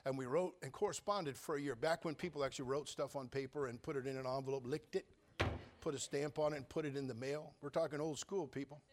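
A man preaching a sermon, telling his own story with humor and big swings between loud and quiet. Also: medium pitch, fairly even intonation, fast talker, a little hiss or hum. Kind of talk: sermon testimony.

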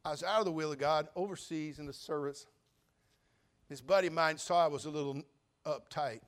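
An older man delivering a sermon in a folksy, joking storytelling way. His voice sits a little high for a man, and it swells into loud preaching peaks. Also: a little fast. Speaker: pastor.

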